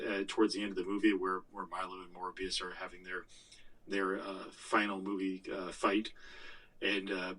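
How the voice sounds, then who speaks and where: A man's voice: fairly low pitch, fairly bright tone, slightly rough, recorded from a distance, rough recording. A man co-hosting a podcast, giving a blunt, rambling movie review with lots of restarts. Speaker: podcast co-host. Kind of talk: casual movie review chat.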